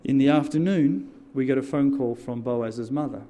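Animated man preaching a story. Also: mid-range voice, normal speed, slight background noise. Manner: animated, call-and-response with audience. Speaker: church deacon. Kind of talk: sermon storytelling.

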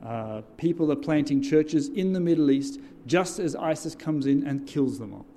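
A man's voice: a little high, normal speed, a little hiss or hum. A man who serves as a church deacon, telling a story in a sermon and drawing answers from his listeners. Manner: animated, call-and-response with audience.

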